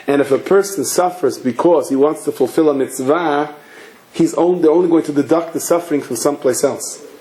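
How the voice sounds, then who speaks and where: Rabbi man preaching, voice swings up and down a lot, echoey room. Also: a little high. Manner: animated, rhetorical questions, acts out stories. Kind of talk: sermon with storytelling.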